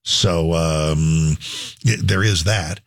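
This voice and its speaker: A man hosting a talk show, rambling and halting with many restarts. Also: extremely low pitch, fairly even intonation, creaky, no room sound, studio quality. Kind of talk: casual radio talk.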